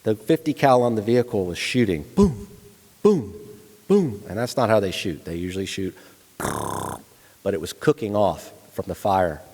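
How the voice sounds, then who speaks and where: A middle-aged retired Army staff sergeant, speaking as a guest lecturer, tells a frank personal war story with blunt soldier humor. His voice sits low and is gravelly and a little mellow, at a moderate pace, echoing with the long reverb of a large lecture hall.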